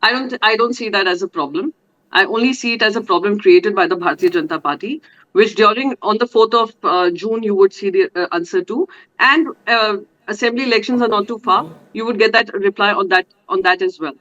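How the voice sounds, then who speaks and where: An insistent Indian woman argues her case as a guest on a news panel, her voice bright and forceful. She hesitates and restarts often, and the remote feed sounds dull and lo-fi. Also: mid-range voice, a little fast. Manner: insistent, many fillers and restarts. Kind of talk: televised debate.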